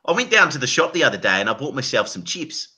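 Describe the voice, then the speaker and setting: Cast: a man doing a hammy fake Aussie bloke, lively bright pitch, slightly husky, over a video call. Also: fast. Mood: mock-earnest. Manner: hammy, slangy put-on accent with "mate". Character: man faking an Australian accent.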